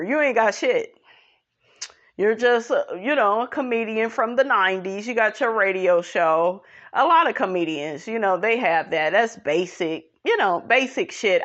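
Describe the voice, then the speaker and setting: A woman giving blunt, sassy and profane celebrity gossip commentary as a vlogger. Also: fairly bright tone. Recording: dull low-fi audio.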